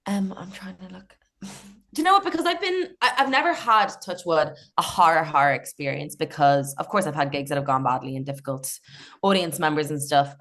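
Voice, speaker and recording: A woman's voice: sits low, lively intonation, brisk, fairly bright tone. A young woman, a comedian guest on a podcast, telling stories in a chatty way, laughing often and swearing casually. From Ireland.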